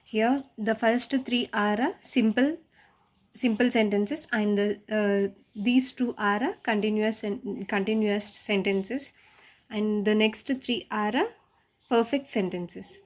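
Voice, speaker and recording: A woman's voice: mid-range voice, takes it slowly. A woman teacher explaining a grammar lesson step by step, asking her class rhetorical questions and often restarting her phrases. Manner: frequent hesitant restarts. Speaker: schoolteacher.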